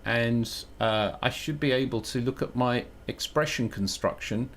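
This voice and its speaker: A man's voice: mid-range voice, measured pace, fairly bright tone, slight background noise. A man chatting casually on a live stream while he programs, thinking aloud, joking at his own expense and switching between English and Italian. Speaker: live streamer coding on air.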